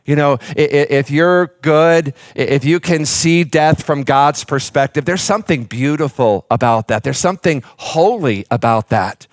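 A man's voice: a little high, normal speed, few pauses, no room sound, studio quality. A middle-aged man preaching a sermon as pastor, telling a personal story with fillers and restarts.

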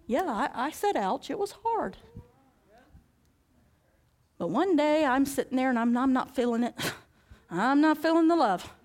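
A woman preaching a sermon, telling a personal story with lively acted-out dialogue and frequent laughter. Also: a little high. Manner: animated storytelling, acting out dialogue, laughing often.

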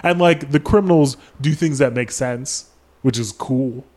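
A man's voice: mid-range voice, a little slow, darkish tone. A young man in casual podcast chat, talking in a loose, profane way. He hosts the show and fills his talk with "like". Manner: casual, profane, lots of "like" fillers. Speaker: podcast host.

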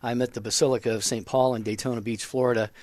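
A male radio co-host speaks at a middling pitch into a close studio mic, with a completely dry sound. He is friendly and chatty, tossing in asides as he talks with a caller. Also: steady tone, quick pace, darkish tone, dry recording. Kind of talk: phone-in radio chat.

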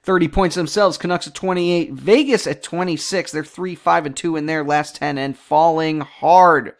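A casual sports show host who runs through team standings in quick, rattled-off lists. The host keeps breaking off into joking tangents and chatty asides to the listener. The voice sits at an ordinary middle pitch. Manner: chatty and jokey, wanders into asides; reads out standings and numbers in rapid lists.

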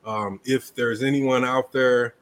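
Animated man in casual chat. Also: slow. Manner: animated, emphatic, jumps up in pitch to stress points.

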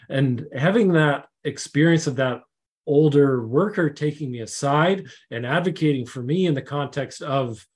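A man's voice: on the high side, normal speed, slightly rough. A middle-aged man, a safety consultant, earnestly telling a story in casual conversation, with many restarts and fillers.

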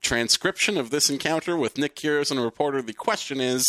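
A man's voice: mid-range voice, brisk, hardly any pauses, pushed and bright, dry recording. A young man co-hosting a podcast, chatting wryly about sports with a laugh in his voice. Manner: wry, laughing, reads quotes aloud. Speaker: podcast co-host. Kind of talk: casual sports chat.

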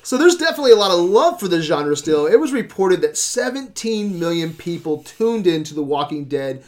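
A man's voice: high-pitched, sing-song, fairly quick. Man, podcast host, casual chat, chatty, laughs easily, swears.

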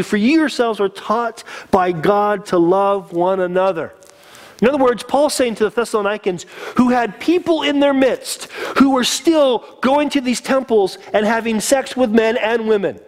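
A man preaching a sermon as a pastor, earnest and conversational, getting teary. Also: high voice.

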